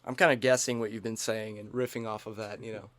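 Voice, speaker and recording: A man's voice: on the low side, flat delivery, fast, fairly bright tone. A man co-hosting a podcast in casual, joking chat, riffing and laughing often. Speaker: podcast co-host.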